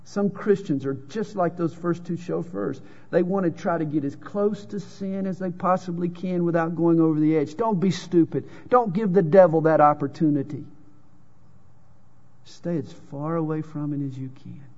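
Southern-drawling preacher, reverberant hall. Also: male voice, on the high side, moderate pace, mellow. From American South. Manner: folksy preaching with jokes and scripture readings. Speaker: pastor. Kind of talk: sermon. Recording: dull lo-fi sound with long hall reverb.

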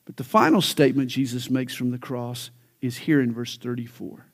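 A man's voice: medium pitch, normal speed. A male pastor preaching a sermon, telling jokes and stories, then building to fervent emphasis.

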